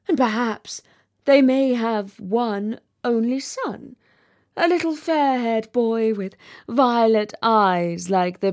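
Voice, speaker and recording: A woman's voice: medium pitch, a little mellow, close to an everyday voice. A woman voicing a pompous, self-pitying male firework rocket in a storybook reading, with a melodramatic, self-important manner.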